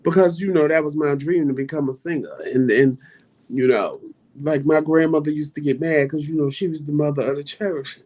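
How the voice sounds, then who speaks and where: A man co-hosting a casual chat and telling a story with animated, dramatic flair and playful asides. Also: fairly high pitch, fairly quick. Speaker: co-host.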